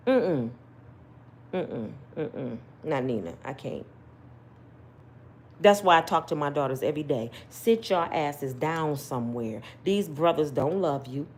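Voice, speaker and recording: A woman's voice: sits low, expressive, unhurried, slight background noise. A middle-aged woman, a mother and grandmother, giving blunt, scolding opinions and personal stories straight to her viewers. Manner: emphatic and repetitive, talks straight to viewers. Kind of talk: casual story time commentary.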